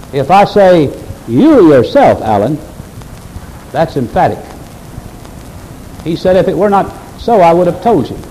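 A man's voice: fairly high pitch, warm tone, a little hiss or hum, low-quality recording. A male pastor preaching a sermon earnestly and emphatically, speaking straight to his congregation.

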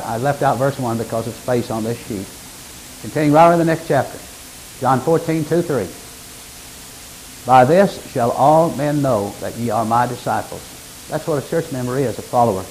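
A male preacher works through scripture in a sermon. His voice sits at a medium pitch, and he often climbs into sudden emphatic, louder peaks. A faint hiss runs under the recording. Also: low-quality recording.

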